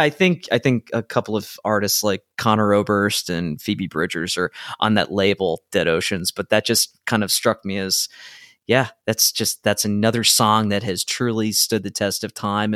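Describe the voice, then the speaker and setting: Lowish-voiced guy hosting a music chat show, measured and thoughtful, dry close sound. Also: a bit bright, no room sound. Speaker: podcast host. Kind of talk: casual music podcast chat.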